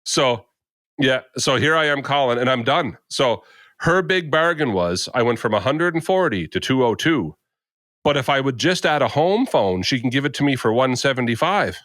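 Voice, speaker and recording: A man's voice: medium pitch, expressive, normal speed, a bit bright, dry recording. A man, a podcast co-host telling a rambling, exasperated story in casual chat.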